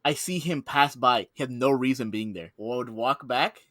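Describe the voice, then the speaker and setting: A young man and podcast co-host telling a work story in casual chat, animated and swearing often, acting out the people he talks about. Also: medium pitch, moderate pace, no room sound, studio quality. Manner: animated, acts out coworkers in quoted voices, swears often.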